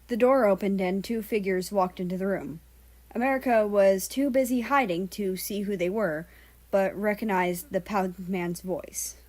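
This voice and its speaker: A woman reading a fan-fiction story aloud as narrator, in a steady storytelling delivery. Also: mid-range voice. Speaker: fan-fiction audiobook reader. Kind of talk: scripted narration.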